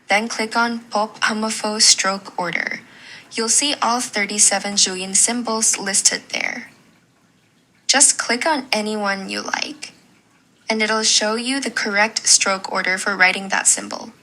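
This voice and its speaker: A woman teaching a Mandarin lesson in a slow, clear and encouraging way. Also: medium pitch, sharp tone, low-quality recording. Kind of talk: scripted lesson narration.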